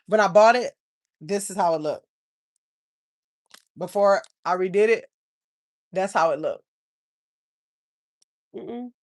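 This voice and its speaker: An older woman chats casually on a livestream. She rambles, stops to search for things, and calls her viewers y'all. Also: on the low side. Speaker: channel host.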